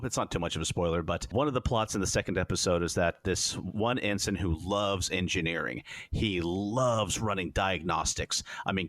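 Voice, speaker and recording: A man's voice: fairly low pitch, dry recording. A man co-hosting a podcast in casual chat, retelling scenes and acting out the dialogue. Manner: animated storyteller, acts out dialogue in raised voices. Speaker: podcast co-host.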